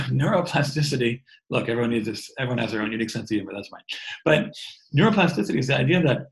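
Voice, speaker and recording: A man's voice: medium pitch, expressive, fairly quick, poor audio. A man in his thirties giving an informal, earnest talk on faith and wellbeing over a video call, often repeating and restarting words. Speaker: teacher.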